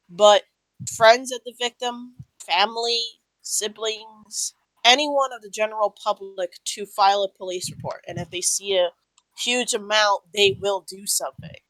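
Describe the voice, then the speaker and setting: A woman's voice: mid-range voice, a bit bright, no echo, poor audio. A woman talking in a casual voice chat, hesitant and searching for words, indignant and swearing now and then.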